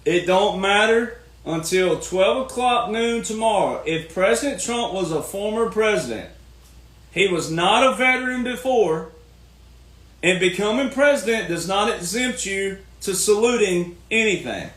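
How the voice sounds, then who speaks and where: Ranting through a political monologue, the male commentary host sounds folksy and preachy, circling back to the same points again and again. His voice sits high and fairly bright, animated yet a little slow, captured with a roomy echo.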